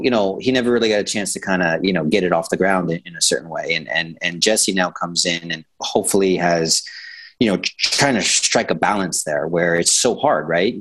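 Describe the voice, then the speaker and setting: A man from the United States, a soccer coach and guest, talking analytically in a measured way. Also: low voice, fairly bright tone, low-quality recording. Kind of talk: casual sports chat.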